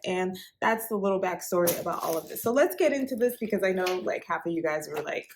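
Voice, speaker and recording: A woman chatting through a casual storytelling unboxing vlog in an excitable, conversational way. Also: medium pitch, normal speed, few pauses, slight background noise. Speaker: fashion vlogger.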